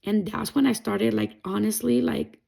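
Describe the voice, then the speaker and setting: A woman's voice: mid-range voice, fairly even intonation, normal speed, creaky, mellow. A young adult woman sharing a personal faith testimony in an earnest, rambling way, full of fillers. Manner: emotional, earnest. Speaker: testimony vlogger.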